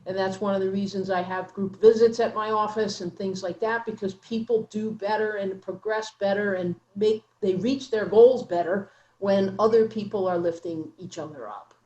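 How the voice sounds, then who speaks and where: A woman's voice: mid-range voice, steady tone, moderate pace, few pauses, mellow. Woman doctor hosting, roomy dull audio. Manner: affirming, explanatory. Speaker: podcast host, doctor. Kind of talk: casual interview chat.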